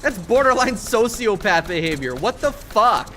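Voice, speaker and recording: A man's voice: high voice, very animated, normal speed, fairly bright tone. A man streaming a video game live, talking to chat in a profane, exasperated rant. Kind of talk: live gaming stream commentary.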